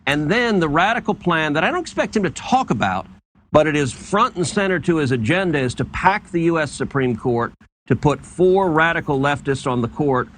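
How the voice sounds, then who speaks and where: A man's voice: on the high side, animated, moderate pace, a bit bright, a little hiss or hum. A man making a political argument in an emphatic, repetitive way during a TV interview. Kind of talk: political talking points.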